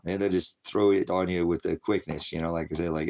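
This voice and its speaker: A man's voice: low-pitched, normal speed. A man hosting a casual livestream, rambling in a conspiratorial way, laughing often and answering viewers in chat. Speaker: livestream host.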